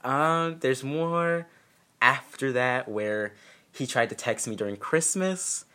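A man's voice: medium pitch, slow pace, pushed and bright, clear, resonant tone. A young man casually telling a personal story, candid and profane with self-mocking humor.

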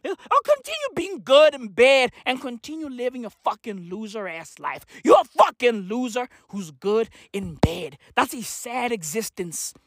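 A comedian delivering a manic, profane rant that swings between shouting and muttering. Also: mid-range voice, big pitch swings, unhurried, few pauses, dry recording, clean studio sound.

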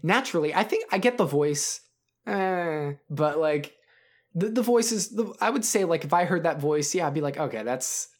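A man's voice: fairly high pitch, animated, moderate pace. A man co-hosting a podcast, talking in a loose, rambling way. He restarts his sentences often and fills the gaps with "like" and "um". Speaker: podcast co-host. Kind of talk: casual podcast chat.

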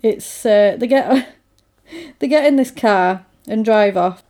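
A woman's voice: a little high, slow pace. A woman in casual chat, animatedly retelling a film's story scene by scene. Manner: animated storytelling, acts out the characters' lines. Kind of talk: casual film recap chat.

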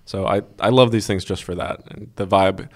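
A man co-hosting a casual podcast, talking in quick, animated rambles with lots of "like". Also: sits low. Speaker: podcast co-host, magazine writer. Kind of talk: casual chat.

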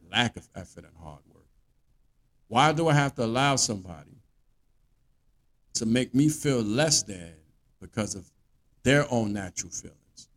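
A man delivering a blunt, profane monologue rant as a podcast host. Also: medium pitch.

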